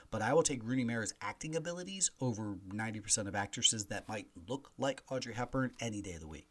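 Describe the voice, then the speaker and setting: A man in his forties hosting a podcast, chatting casually and animatedly through movie reviews and news. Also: medium pitch. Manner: animated, chatty, mock voices in quotes. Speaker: podcast host. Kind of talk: solo movie review chat.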